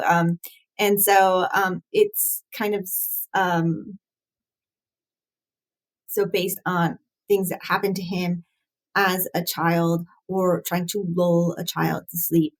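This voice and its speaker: A woman's voice: lowish voice, rough recording. Chatty, hesitant woman musing over lyrics. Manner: thinking aloud, hesitant with many fillers and restarts; chatty, laughs lightly at herself. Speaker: host analysing song lyrics.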